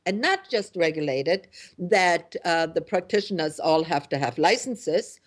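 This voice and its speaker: A woman's voice: medium pitch, lively intonation, takes it slowly. A middle-aged woman from Germany hosting a radio talk show, talking in an indignant, emphatic way with many fillers and restarts. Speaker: host.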